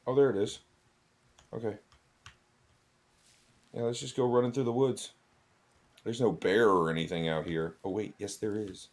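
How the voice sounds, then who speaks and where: A man's voice: lowish voice, steady tone, moderate pace, pauses often. A male streamer giving chatty, jokey gameplay commentary while thinking aloud.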